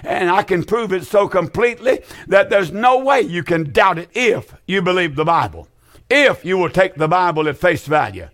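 A man's voice: high-pitched, expressive, moderate pace, fairly bright tone. An older man hosting a call-in Bible radio show, earnest and folksy, often repeating his phrases for emphasis.

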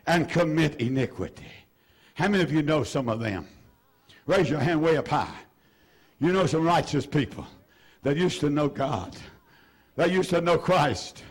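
A man preaching a fervent sermon to his church as pastor, pleading and rising to shouts, with many "uh" fillers. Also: fairly high pitch, husky.

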